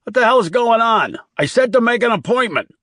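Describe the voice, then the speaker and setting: A man voicing a gruff, defiant middle-aged bar owner in an audiobook, loud and belligerent. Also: mid-range voice, fairly quick, dry recording, studio quality, voice pushed up, natural voice. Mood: angry.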